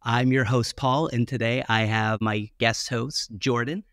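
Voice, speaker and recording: A man hosting a casual movie podcast, playful and quick to laugh. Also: mid-range voice, fairly even intonation, fairly bright tone, dry recording, clean studio sound. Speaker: podcast host.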